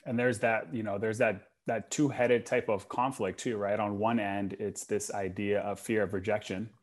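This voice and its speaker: A man's voice: on the low side, moderate pace. A young man hosting a podcast in casual conversation, telling stories and acting out the quotes. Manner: animated storytelling, acts out quotes. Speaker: podcast host.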